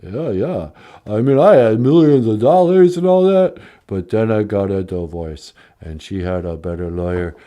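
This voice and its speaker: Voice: medium pitch, normal speed, highs cut off, lightly acted. A performer doing a mumbling tough-guy impression of a washed-up male movie star, drawling. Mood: glum.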